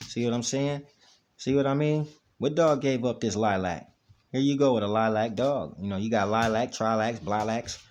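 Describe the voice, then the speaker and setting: A man's voice: mid-range voice, normal speed, darkish tone. A man hosting a casual dog vlog at home, rambling and repeating "you know what I mean" as he plays with his dog. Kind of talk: casual chat. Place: at home, indoors. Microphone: camera.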